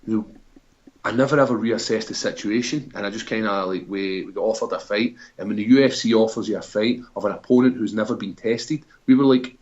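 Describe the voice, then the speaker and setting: A man's voice: lowish voice, a little fast, a little mellow. A man with a Scottish accent, a fighter chatting in a casual podcast interview, joking and rambling. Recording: dull lo-fi sound.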